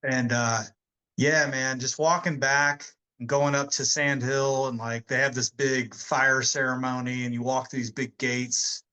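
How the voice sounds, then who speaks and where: A man's voice: mid-range voice, level tone, a little slow, pushed and bright, clear, resonant tone, rough recording. A man in his forties, an army veteran telling rambling stories in a casual interview, laughing often between many fillers. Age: 40s.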